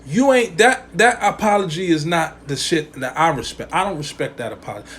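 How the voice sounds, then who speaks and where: A male podcast host with a voice on the high side, a bit bright, rants a little fast with lively intonation. His opinionated talk is emphatic and profane, peppered with slang and repeated lines that hammer the point home.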